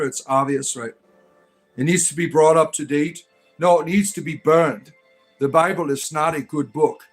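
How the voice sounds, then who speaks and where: A man hosting a livestream, mocking and combative as he answers chat, often tagging his points with "right?". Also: fairly high pitch. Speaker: livestream host.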